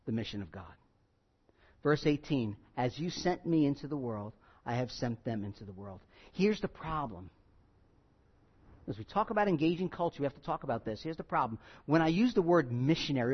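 A male pastor preaching a sermon, emphatic, repeating key phrases and swinging between loud and quiet. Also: a little high, breathy edge, lo-fi sound.

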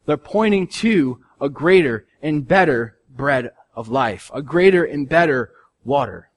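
A male pastor preaching a sermon in an earnest, conversational way, his voice swinging from soft to loud. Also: a little high, lively intonation, a little slow.

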